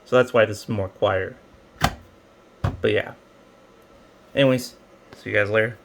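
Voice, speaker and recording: A man's voice: lowish voice, steady tone, normal speed, creaky, noisy background. A man giving a casual, rambling product review, explaining with many fillers and restarts. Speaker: tech reviewer.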